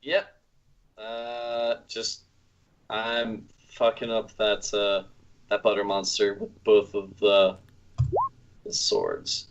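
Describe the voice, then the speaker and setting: Male player, slow and animated delivery, dull stream sound. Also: lowish voice, noisy background. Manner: unhurried, swears casually. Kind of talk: casual game chat.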